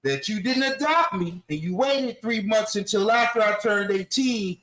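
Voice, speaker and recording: A man's voice: sits high, moderate pace, a bit bright. A man co-hosting a podcast, making his point earnestly in casual debate, restarting sentences often. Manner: restarts, repeats "here's the thing", earnest. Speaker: podcast co-host. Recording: echoey room.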